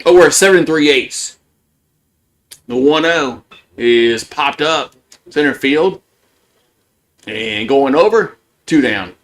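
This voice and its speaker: A man doing casual live play-by-play, rambling between pitches, repeating words and chuckling often. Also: lively intonation, slow, long pauses, a bit bright.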